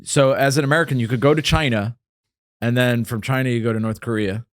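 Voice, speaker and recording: A man's voice: mid-range voice, steady tone, fast talker, no room sound, studio quality. A man hosting a comedy podcast, laid-back and casual, saying "dude" and backing up his guest with lots of "mm-hmm". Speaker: podcast host.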